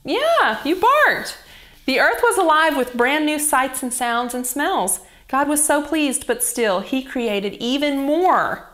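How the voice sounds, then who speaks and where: A young woman reading a Bible story to children as a children's church teacher, in a gentle and expressive storytelling manner. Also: high-pitched, measured pace, few pauses.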